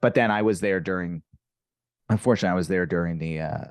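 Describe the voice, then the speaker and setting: A comedian guest from Virginia, USA, with a low voice, talks fast on a dry, studio-quality recording. In casual chat he tells animated stories, acting out the people and their quoted exchanges.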